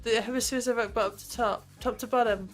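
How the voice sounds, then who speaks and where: A woman's voice: a little high, fairly even intonation, fast, soft background music. A woman with a Yorkshire accent co-hosting an esports race stream, bantering playfully in casual chat. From Yorkshire, England.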